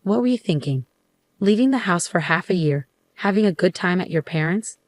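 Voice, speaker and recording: Scornful bossy husband, grown man, storybook reading, woman narrator voicing him, dry close sound, lowish voice. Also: animated, a little fast, no room sound, close to an everyday voice. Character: angry condescending husband, adult man.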